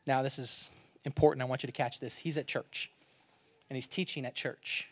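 A man in his thirties, a pastor preaching a sermon and telling stories, swinging between loud emphatic bursts and near-hushed asides. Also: medium pitch, normal speed, no echo. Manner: animated storytelling, swings from loud to quiet.

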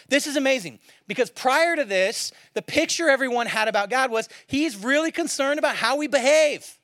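A man with a bright, fairly high voice delivers a sermon with lively storytelling, pushing certain points out loudly and dropping others almost to a hush. The sound is dry and close to the mic. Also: normal speed, no room sound. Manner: animated storytelling, swings from loud to quiet. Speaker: pastor.

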